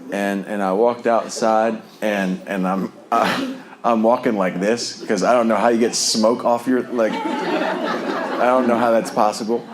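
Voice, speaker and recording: Deep-voiced man rambling through a testimony. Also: fairly even intonation, measured pace, noisy background. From New Jersey. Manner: rambling, many fillers, frequent chuckles. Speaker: speaker sharing a recovery testimony. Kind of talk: personal testimony storytelling.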